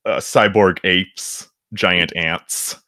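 A man with a low voice talks animatedly on a casual podcast. He laughs easily and restarts his sentences as he goes. The sound is dry and close. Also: extremely slow, no echo. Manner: animated, laughs while reading, restarts often. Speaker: podcast guest reading reviews.

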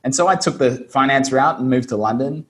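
A man's voice: medium pitch, fairly quick, fairly bright tone. An Australian man, a business-owner guest, telling his story in a casual, self-deprecating way over a video call. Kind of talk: casual interview.

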